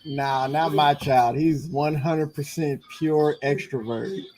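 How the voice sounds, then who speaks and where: A man's voice: a little high, fairly even intonation, slow pace, a little mellow, low-quality recording. A man, a father guest on a podcast, chatting playfully and laughing often. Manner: laughing, playful, talks about his son. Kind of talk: casual chat.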